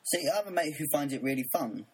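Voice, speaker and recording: A man's voice: on the high side, animated, fast, breathy edge, low-quality recording. A young man co-hosting a casual podcast chat, chatty and playful, laughing often. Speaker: podcast co-host. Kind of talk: casual podcast chat about video games.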